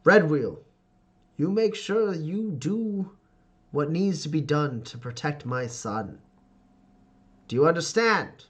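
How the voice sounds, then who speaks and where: A man's voice: fairly high pitch, lively intonation, takes it slowly, pauses often, voice pushed up. A man voicing a domineering, smug older clan father who gives orders in a raised, commanding voice.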